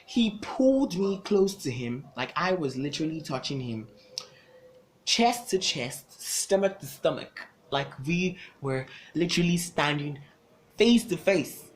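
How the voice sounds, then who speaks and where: A young vlogger tells a personal story to camera, leaning hard into every beat with emphatic repeats. The voice is mid-pitched, and the phrasing is loose and casual. A faint ambient hum sits behind the voice. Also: sing-song, a little slow. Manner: dramatic, emphatic storytelling with lots of repetition.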